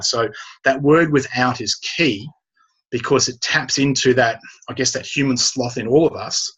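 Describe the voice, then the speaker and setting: A husky-voiced man talks through his copywriting advice in a relaxed interview and hammers his main points home by repeating them. The audio is dull and lo-fi. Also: mid-range voice, unhurried. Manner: emphatic, repeats key phrases. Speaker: copywriter guest. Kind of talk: casual interview chat.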